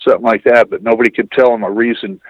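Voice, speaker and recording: A man's voice: medium pitch, steady tone, rapid-fire, no room sound. A man telling personal stories in a rambling, profane, casual way, full of "you know"s. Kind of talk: casual storytelling. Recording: dull lo-fi radio sound.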